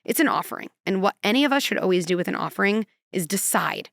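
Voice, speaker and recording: A woman psychologist, appearing as a podcast guest in a conversational interview, speaks fast and animatedly with hardly any pauses, acting out quotes and scenarios in other voices to make her points. Her middle-pitched voice has a gravelly, fry-tinged texture, recorded close and dry with no echo.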